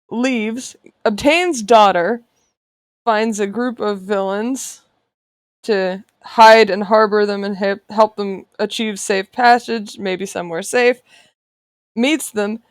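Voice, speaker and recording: Drawing live for her stream, this woman keeps the talk casual, joking sarcastically and laughing frequently. She speaks slowly in a steady, medium-pitched voice, and the sound is dry and studio-clean.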